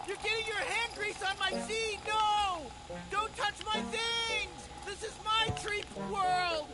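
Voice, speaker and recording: A man's voice: very high-pitched, unhurried. A man voicing a furious, territorial tree-dwelling man in a comedy video game, screaming and swearing possessively over his things. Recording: game audio under loud soundtrack music.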